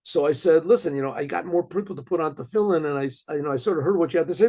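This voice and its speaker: A man, a rabbi, telling a story in a halting way, with frequent restarts and throat-clearing. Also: fairly high pitch, dark tone.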